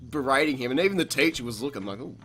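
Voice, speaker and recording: A young man hosts a podcast and tells a long story in a casual, animated way. He swears a lot and breaks into laughter. His voice is bright and forceful, and a little music plays behind him. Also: mid-range voice, rapid-fire. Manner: profane, animated, laughs often. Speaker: podcast host.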